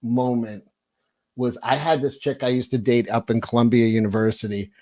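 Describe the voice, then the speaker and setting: A man tells crude stories for a comedy podcast, cursing freely and rambling through them with laughter. His voice sits at a middle pitch. It is recorded close, with a dry, dead sound. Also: flat delivery, moderate pace, darkish tone, dry recording. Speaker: podcast co-host.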